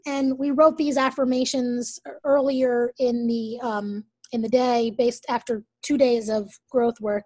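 A woman in her forties telling a personal story as a guest, emphatic and animated, swearing freely. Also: a little high, measured pace, dry recording. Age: 40s. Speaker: guest, event leader.

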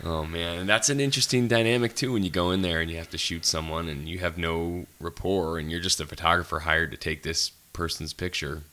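Male podcast host, low voice, bright tone, chatty and joking. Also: steady tone. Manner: chatty, joking, quick to react. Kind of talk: casual podcast interview.

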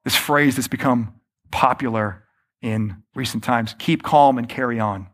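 A man preaching a sermon, often slowing down to stress his points and calling the listeners friends. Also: mid-range voice. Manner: varies pace and loudness, slows for emphasis. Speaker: pastor.

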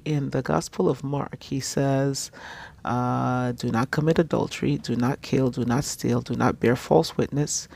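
A man giving a weekly gospel message as a preacher, deliberately comparing scripture passages. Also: medium pitch, vocal fry, a little mellow, slightly rough, no room sound.

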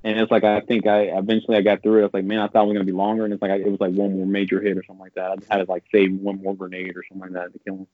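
A deep-voiced man rattles off his thoughts at speed, cursing freely and getting worked up as he rambles. The sound is thin and tinny like a phone line, and completely dry. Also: racing, hardly any pauses, dry recording. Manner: swears a lot, rambling and animated when venting. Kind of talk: casual gaming chat.

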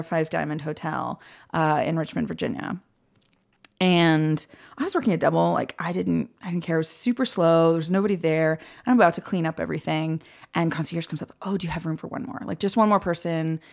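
A woman guest on a podcast, telling stories in a casual, animated way, acting out quoted voices and often laughing. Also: sits low, gravelly. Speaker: guest, film director. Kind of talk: casual podcast interview storytelling.

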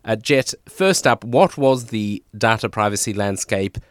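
Slightly raspy man hosting a news podcast. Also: lowish voice, lively intonation, no room sound, clean studio sound. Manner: formal, measured presenter delivery. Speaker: podcast host, senior editor. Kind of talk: scripted news podcast interview.

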